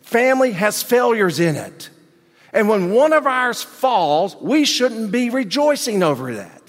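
A male pastor preaching a sermon, animated and emphatic, with folksy asides and questions to the congregation. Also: high-pitched, a little slow, in a large hall.

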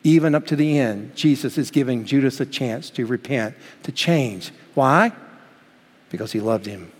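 Preacher with a ringing hall echo. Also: male voice, mid-range voice, normal speed. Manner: preaching with dramatic swings between loud and hushed; acts out quoted voices in the story. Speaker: pastor. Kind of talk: sermon.

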